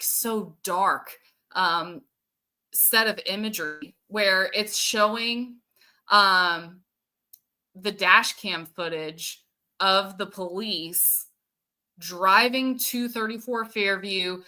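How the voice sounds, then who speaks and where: A woman's voice: mid-range voice, pushed and bright. A woman hosting a casual livestream, chatting and answering viewer comments while thinking aloud with plenty of fillers. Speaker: show host.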